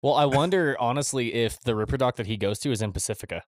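A man co-hosts a casual podcast chat in an easygoing, loose way, his voice at an ordinary pitch. He swears freely as he talks. The recording is dry and close. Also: fast, no echo. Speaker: podcast co-host.

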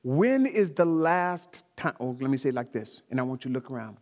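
A man's voice: mid-range voice, animated, a little fast, a little mellow, big-room sound. A man preaching a sermon, speaking emphatically, repeating key phrases and talking directly to the congregation in a church. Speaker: pastor.

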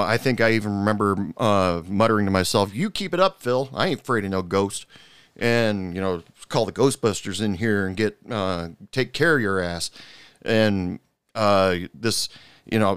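Low, smooth-voiced middle-aged man telling stories. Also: dry recording. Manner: animated storyteller, rises sharply when annoyed, frequent fillers. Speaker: podcast host, bartender. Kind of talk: casual storytelling monologue.

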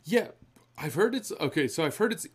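A man co-hosting a casual podcast chat, excitable and rambling, his voice jumping up when he is surprised. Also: a little high, fairly quick, slightly rough.

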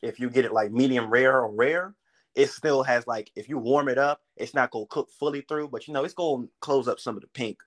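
A man's voice: mid-range voice, a little fast. A young man hosting a casual podcast, joking and trading slang-heavy banter with a friend. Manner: joking banter, lots of slang, bursts into laughter. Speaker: podcast host. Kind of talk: casual chat.

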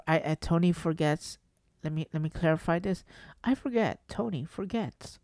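A man's voice: high voice, gravelly, no echo. A man tells a story casually and loosely, stumbling over his words and restarting them. His voice sounds dry and close, with no room around it. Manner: rambling, animated, swears, repeats and restarts. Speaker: vlogger.

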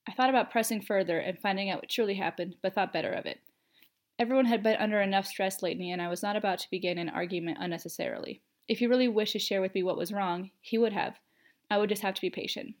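This first-person story comes from a woman whose pitch is average and whose reading is lively but steady. Her pace is quick.

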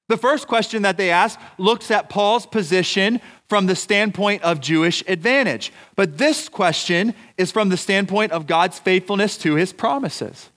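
In a church, a pastor with a high-pitched, fairly bright voice preaches a deliberate, emphatic sermon. He poses rhetorical questions to his congregation.

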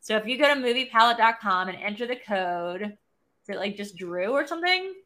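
A woman hosting a relaxed movie podcast. Her voice is bright and sits fairly high, and she talks in a loose, chatty way with plenty of fillers and restarts. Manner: chatty, filler-heavy, quick plugs. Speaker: podcast co-host. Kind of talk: casual chat.

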